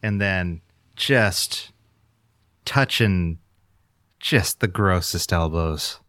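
A man's voice: low-pitched, extremely slow, pushed and bright, no echo, studio quality. A man co-hosting a podcast in casual chat, laid-back, chuckling along and adding short replies. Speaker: podcast co-host.

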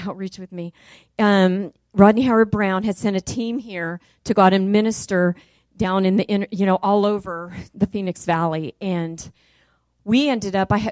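A middle-aged woman preaches to her congregation, chatty in one breath and fervent in the next, her pitch and volume climbing as her story builds. Her voice sits in a plain middle register and is recorded close and dry, with no room sound around it. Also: no echo. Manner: animated, rising loud and high in the story. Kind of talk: sermon with testimony.

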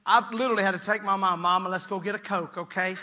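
A man preaching a sermon as pastor, animated, swinging from soft asides to shouts and joking with the congregation, his throat a little strained. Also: sits high, fast talker, slight background noise.

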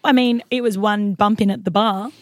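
A woman's voice: mid-range voice, fairly even intonation, moderate pace, no echo. A young Australian woman co-hosting a podcast, telling stories in casual chat with lots of giggles. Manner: chatty, giggly storyteller. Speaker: podcast co-host.

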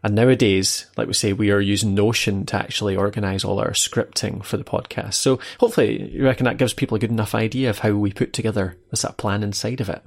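A man's voice: on the low side, steady tone, fast talker, vocal fry, few pauses. A Scottish man in his thirties co-hosting a podcast, chatting casually and often checking in with tag questions. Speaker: podcast co-host. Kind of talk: casual chat.

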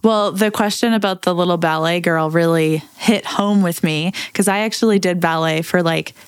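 Chatty woman in her thirties, low-pitched. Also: moderate pace, clear, resonant tone, dry recording. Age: 30s. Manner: chatty and encouraging. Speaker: podcast co-host. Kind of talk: casual chat.

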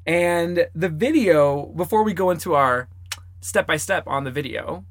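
Podcast co-host: man, slightly high voice, laughs easily, dry studio sound. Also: unhurried, a bit bright, dry recording. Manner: giggly, chatty, makes reaction noises. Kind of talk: casual chat.

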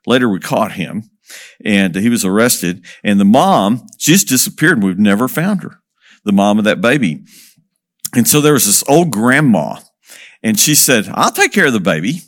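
Chuckling and posing questions along the way, a man who works as a missionary speaker shares a lively story with his audience. His voice is medium in pitch.

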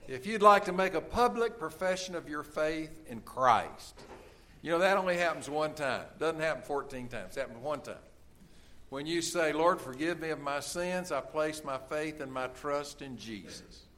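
Middle-aged male pastor preaching, earnest and pleading, fairly high voice. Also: pushed and bright. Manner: earnest, pleading, with frequent "uh" pauses. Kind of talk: sermon.

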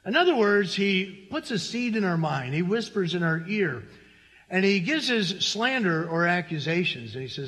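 High-voiced pastor preaching in a reverberant hall. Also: male voice, very animated, moderate pace, sharp tone. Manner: conversational preaching with asides to the congregation. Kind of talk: sermon. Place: church sanctuary.

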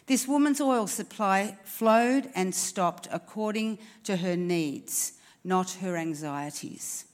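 A woman's voice: mid-range voice, slow. A woman preaches to a church congregation in an earnest, encouraging tone. She leans on rhetorical questions and direct appeals to her listeners. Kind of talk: sermon. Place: church service.

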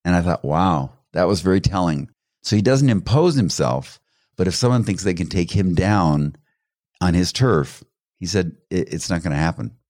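Deep-voiced middle-aged man telling stories. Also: normal speed. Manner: animated storyteller, acts out quoted voices; laughs while telling stories. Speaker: guest expert on personality colors. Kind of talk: conversational explaining with anecdotes.

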